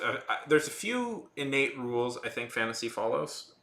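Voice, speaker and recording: A man's voice: mid-range voice, big pitch swings, normal speed, a bit bright, reverberant. A man hosting a casual live chat, rambling with many restarts and fillers. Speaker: livestream host.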